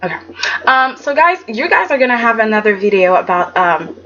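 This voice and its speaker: A woman reviewing a soap opera episode in casual chat, animated and chatty, acting out quotes in dramatic voices. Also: on the high side, fairly quick. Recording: dull lo-fi sound with faint background noise.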